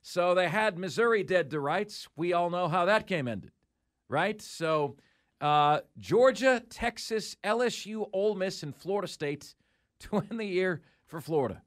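A man's voice: sits high, animated, a little slow. A man hosting a sports talk show, emphatically rattling off schedules with mock disbelief.

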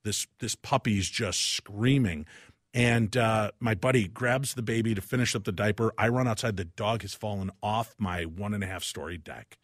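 A man guest-hosting a talk radio show, telling a personal story in an animated way and acting out each person's lines. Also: fairly low pitch, moderate pace, dry recording, studio quality.

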